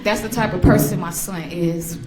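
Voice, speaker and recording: A woman's voice: lowish voice, normal speed, a crowd in the background. Grieving mother in an echoey courtroom. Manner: emotional storytelling, acts out remembered voices. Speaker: victim's mother. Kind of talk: victim impact statement.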